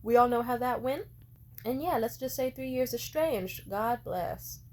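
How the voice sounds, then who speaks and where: A woman's voice: a little high, a little slow, a little hiss or hum. A woman in her twenties telling a story in a casual vlog, rambling and swearing freely with lots of "like". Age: 20s. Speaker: vlogger.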